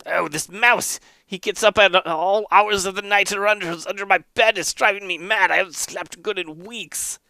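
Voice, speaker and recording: A man's voice: sits high, normal speed, creaky, hardly any pauses, pushed and bright, no room sound, voice pushed up, exaggerated voice. A man voicing a sleep-deprived, exasperated male monk who complains. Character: sleepless, grumpy male monk hunting a mouse.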